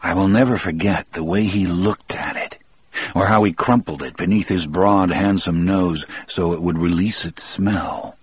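A man reading a first-person story aloud in a measured, steady storytelling manner. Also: low-pitched, slightly rough. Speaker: narrator.

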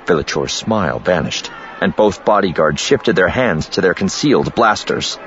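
A man reading scripted narration for an audiobook in a steady, measured way. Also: low voice, lo-fi sound, a little hiss or hum.

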